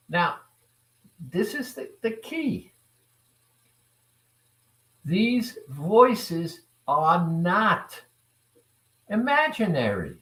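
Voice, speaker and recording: Slow, deliberate man in an echoey room. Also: sits high, fairly bright tone. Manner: deliberate, repetitive, asks the audience rhetorical questions. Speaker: self-improvement speaker. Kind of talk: motivational talk to viewers. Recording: roomy echo.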